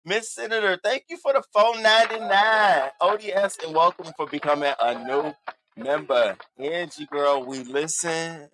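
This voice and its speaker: A man hosting a commentary channel, chatting casually, loud and profane, talking straight to his viewers. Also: fairly high pitch, moderate pace, crowd noise.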